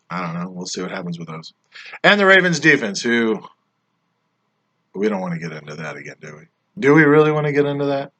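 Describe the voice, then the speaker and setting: A man casually grading his friends' fantasy football drafts, teasing and rambling, often trailing off quietly at the ends of his lines, his voice getting worn. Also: mid-range voice. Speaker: fantasy football league member reviewing drafts.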